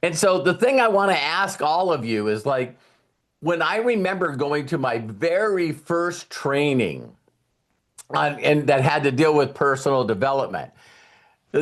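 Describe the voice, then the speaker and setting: An older man hosts a video call and gives a rambling motivational talk in a somewhat high voice. He talks in a folksy way and breaks into laughs. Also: sing-song, normal speed. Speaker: host.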